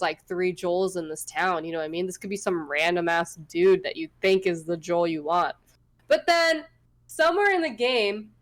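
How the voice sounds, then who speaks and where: A young woman co-hosting a podcast in casual chat, animated and swearing freely. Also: medium pitch. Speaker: podcast co-host.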